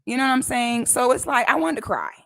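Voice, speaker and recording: A woman telling a personal story on a livestream in a casual, animated, slangy way. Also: fairly high pitch, quick pace, gravelly.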